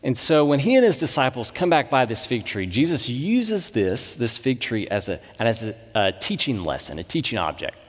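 A man in his thirties, a pastor, giving a sermon with conversational, animated storytelling. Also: medium pitch, moderate pace, few pauses. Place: church sanctuary. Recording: long reverb in a church hall.

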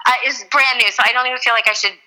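A woman actress chatting casually in an interview, full of fillers and quick laughs. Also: fairly high pitch, steady tone, sharp tone, rough recording. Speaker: actress, guest.

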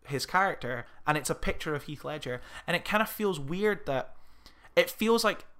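A man in casual podcast chat, reviewing a film in an animated way and swearing freely. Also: a little high, normal speed, smooth. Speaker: podcast co-host.

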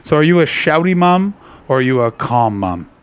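A man's voice: fairly high pitch, big pitch swings, moderate pace, smooth. A man in his late twenties doing stand-up crowd work, brash, profane and teasing. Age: late 20s. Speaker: stand-up comedian.

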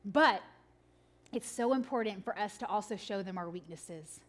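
A woman preaches a sermon to mothers in a mid-range voice at a moderate pace. She swings between laughing, animated stories and quiet, earnest points.

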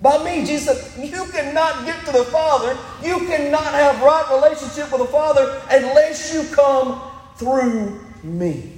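High-voiced preacher in an echoey hall. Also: male voice, measured pace, a little mellow. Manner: preaching with rising emphasis, quoting scripture. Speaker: pastor. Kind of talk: sermon. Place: church sanctuary.

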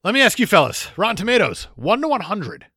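A man's voice: sits high, huge pitch swings, quick pace, bright, forceful tone, husky, no room sound, studio quality. A man hosting a podcast in casual chat, reading out headlines and laughing often. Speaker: podcast host.

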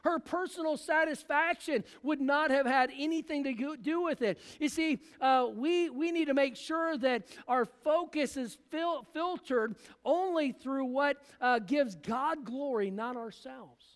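A man delivers a sermon from the pulpit, his voice unusually high for a man. He acts out the people in the story as he preaches. A long church reverb trails behind every phrase. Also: a little slow, few pauses. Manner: preaching with acted-out voices of biblical figures. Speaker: pastor.

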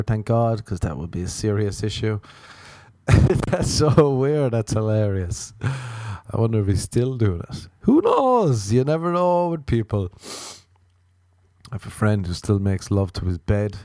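A man's voice: on the low side, a little mellow, no echo, clean studio sound. A man, a comedian hosting a podcast, rambling through a playful, crude, self-mocking monologue. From Ireland.

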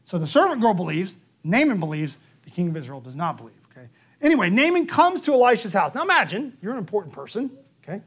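A man preaching a sermon, telling the story lively and acting out the quotes, with a frequent "okay?" to the room. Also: sits high, fast, breathy edge. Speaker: pastor.

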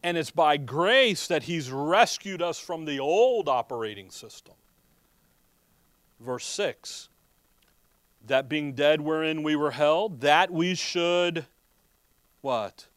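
Slow, emphatic male preacher. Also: on the high side, expressive, no echo. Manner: asks the listeners questions and answers them himself; swings between emphatic bursts and quiet asides. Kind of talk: expository sermon.

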